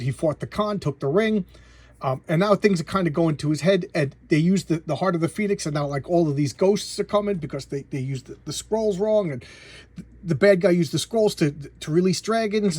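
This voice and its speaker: A man's voice: a little high, darkish tone, husky, no echo. A man casually recapping a comic book plot, rambling with many restarts and repeated words.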